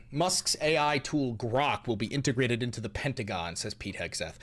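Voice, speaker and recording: A man streams casual commentary on the news, indignant and heavy with profanity. His voice jumps high and drops low as he mocks and rants. He sits at a middle pitch, neither deep nor high. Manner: mocking. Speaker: streamer and host.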